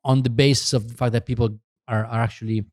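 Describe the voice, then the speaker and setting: A man's voice: mid-range voice, little pitch movement, quick pace, a little mellow, dry recording, clean studio sound. A middle-aged man chatting as a podcast guest, rambling and hesitant with many restarts. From Italy. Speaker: podcast guest, magazine co-founder. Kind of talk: casual chat.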